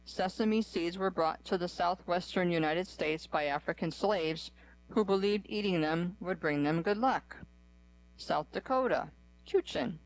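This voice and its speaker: Steady radio reader of food articles. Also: medium pitch, measured pace, poor audio. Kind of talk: scripted reading of articles.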